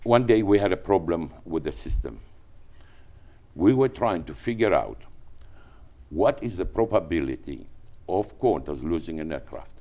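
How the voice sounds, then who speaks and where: Deep-voiced man with a Greek accent. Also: moderate pace. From Greece. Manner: animated, with frequent restarts and repetitions. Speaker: entrepreneur guest. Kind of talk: anecdotal storytelling.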